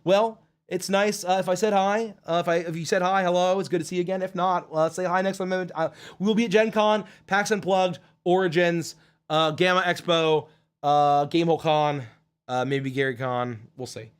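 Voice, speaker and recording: A man hosting a livestream Q&A, reading chat comments aloud in a high put-on character voice, excitable and casually swearing. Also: moderate pace, smooth. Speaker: host.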